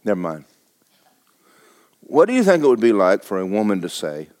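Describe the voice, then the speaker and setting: Animated folksy preacher man. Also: lowish voice, moderate pace. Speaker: pastor. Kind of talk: sermon.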